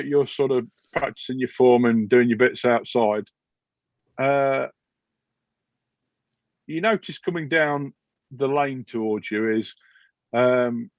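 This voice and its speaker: A man narrating as game master of a tabletop game, halting with many fillers. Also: mid-range voice, no echo. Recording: dull dry recording.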